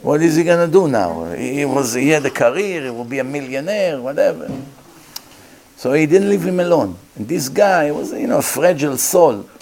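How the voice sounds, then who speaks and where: A man's voice: on the high side, expressive, normal speed, gravelly, a little mellow. A man, a rabbi telling a story in a lecture, acting out the voices of the people in it and laughing often.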